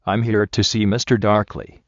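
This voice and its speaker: A man's voice: on the low side, flat delivery, moderate pace, dry recording, highs cut off, natural voice. A man voicing a determined male police detective who talks in a blunt, terse way.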